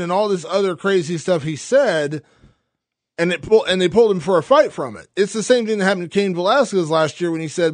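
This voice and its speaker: A man's voice: a little high, animated. A man hosting a podcast, chatting and joking with his co-host and interviewing a guest. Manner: joking, quick banter. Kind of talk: casual chat and interview.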